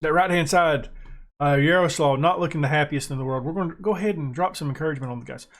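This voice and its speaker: American guy, gaming commentary, excitable, self-mocking, a bit high-voiced. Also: fast talker. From United States. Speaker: gaming YouTuber. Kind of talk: casual gameplay commentary.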